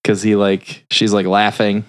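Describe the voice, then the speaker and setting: Animated man retelling a film plot. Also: on the low side, smooth, dry recording, faint music behind. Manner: animated retelling, quick voices for characters. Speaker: podcast host. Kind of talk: casual film recap.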